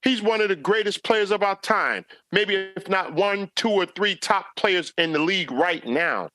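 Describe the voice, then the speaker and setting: A man co-hosting a sports talk podcast, ranting in an animated way and mocking players in put-on quoted voices. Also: high voice, normal speed, no echo. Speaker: podcast co-host.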